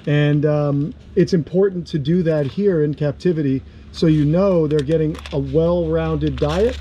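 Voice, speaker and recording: A man's voice: on the high side, warm tone. Casual vlog host, man, New York accent, upbeat outdoors with faint background noise. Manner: enthusiastic, talks to the lizards like pets. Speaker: reptile keeper and channel host. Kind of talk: casual outdoor vlog narration while feeding animals.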